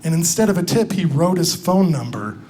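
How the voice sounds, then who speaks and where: A man performing a stand-up comedy set on a club stage, telling a story in a deadpan way. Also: fairly high pitch, normal speed. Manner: deadpan storytelling, reading out texts in other voices. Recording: live club recording with audience laughter and noise.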